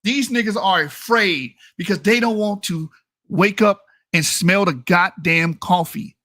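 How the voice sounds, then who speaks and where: A man's voice: high voice, measured pace, pushed and bright. A man from the United States giving a heated, profane commentary rant into a mic, repeating points for emphasis and laughing at his own jokes. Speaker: online commentator. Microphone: talking into a mic.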